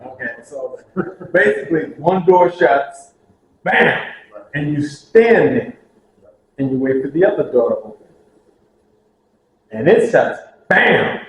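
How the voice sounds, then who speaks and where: A man telling lively stories about prison ministry to a group, acting out the voices of the people in them. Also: fairly high pitch, slow, pauses often, lo-fi sound. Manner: animated, acts out dialogue, laughs at own stories. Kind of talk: storytelling talk to a group. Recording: very echoey room with faint hiss.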